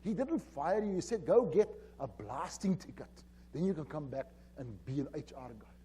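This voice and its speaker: A man voicing a calm woman secretary. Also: a little high, normal speed, breathy edge, heavily acted. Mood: reassuring.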